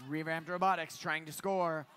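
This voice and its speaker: A man giving live play-by-play commentary on a robotics competition, getting louder and higher at the big moments. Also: normal speed, a little hiss or hum. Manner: excited play-by-play, climbs in pitch at big moments. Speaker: match commentator.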